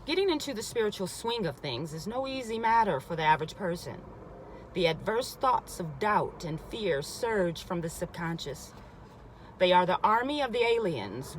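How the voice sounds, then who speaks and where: A woman's voice: mid-range voice, slight background noise, poor audio. A woman reading a spiritual self-help book aloud, often stopping to repeat passages and add emphatic comments of her own. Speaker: reader.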